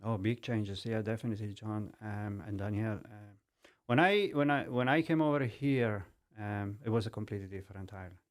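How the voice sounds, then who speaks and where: A man's voice: fairly low pitch, a little fast. Middle-aged Italian man, English not his first language, recounting his story with energy and frequent restarts. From Italy. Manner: animated storytelling in broken English, many restarts. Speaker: guest. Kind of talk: personal testimony in conversation.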